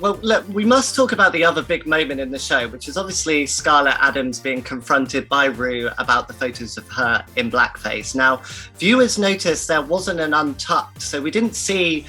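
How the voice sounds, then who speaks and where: A man's voice: on the high side, moderate pace, pushed and bright, faint music behind, poor audio. A man hosting a casual interview, asking questions in a friendly way and laughing easily. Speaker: interviewer host.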